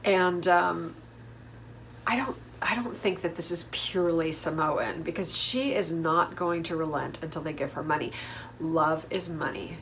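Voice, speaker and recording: A woman's voice: on the low side, normal speed, fairly bright tone, slight background noise, rough recording. Chatty woman recapping reality TV. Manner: chatty and opinionated, with many fillers. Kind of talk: casual recap commentary.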